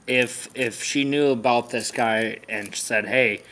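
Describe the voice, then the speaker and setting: A man's voice: mid-range voice, fairly even intonation, takes it slowly, pushed and bright. A man co-hosting a vlog, asking questions and talking things through hesitantly, with many restarts. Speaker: boyfriend co-host asking questions. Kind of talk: casual serious chat.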